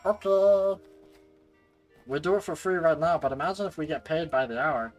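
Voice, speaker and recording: A man's voice: a little high, fast, soft background music. A man streaming a game, joking with chat in casual commentary. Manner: joking, laughing, talks to chat.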